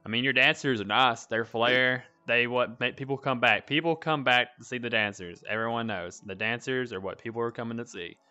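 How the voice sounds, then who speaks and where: A man's voice: medium pitch, a little fast, few pauses, soft background music. A man from North Alabama with a Southern accent, hosting a casual chat and laughing often. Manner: laughs often, animated swings of loudness. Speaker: podcast host, club owner.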